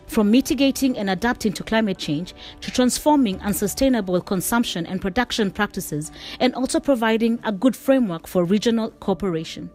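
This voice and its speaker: A woman giving measured, scripted documentary narration. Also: a little high.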